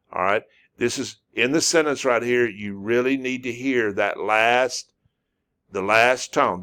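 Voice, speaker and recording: A man gives a relaxed spoken lesson in a middle-pitched voice, slowly drawing out and repeating single syllables. He pauses often with "uh" while he finds his words. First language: English. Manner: repetitive, drawn-out demonstrations of syllables with frequent fillers. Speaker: language teacher.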